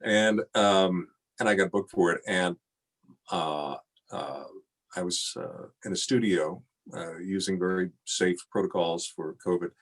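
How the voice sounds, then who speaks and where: An older man, a singer, telling stories in a relaxed interview, with frequent fillers and easy laughter. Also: low voice. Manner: chatty storyteller, many fillers, laughs easily. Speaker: guest singer and voiceover artist. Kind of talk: casual interview chat.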